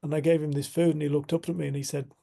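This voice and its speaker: A man leading a community group, speaking in a reflective spiritual talk and telling a story in an earnest, unhurried way. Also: fairly high pitch, level tone, gravelly, mellow.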